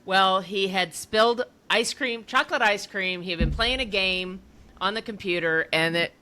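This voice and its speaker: A woman in casual podcast conversation, telling an animated anecdote and quoting what others said. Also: mid-range voice, normal speed. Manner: animated storyteller, quotes others' words. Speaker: podcast co-talker. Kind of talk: casual chat.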